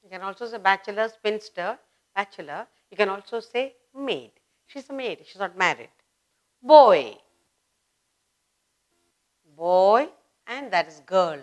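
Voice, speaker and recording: A woman with an Indian English accent teaching a beginner grammar lesson, slowly repeating word pairs with emphasis. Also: medium pitch, expressive, highs cut off. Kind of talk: slow classroom grammar lesson.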